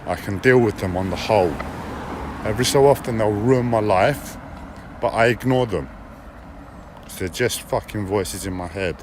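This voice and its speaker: A man's voice: lowish voice, moderate pace, long pauses, darkish tone, slight background noise. A man streaming live, talking in a blunt, profane personal monologue with repeated phrases and a whiny edge.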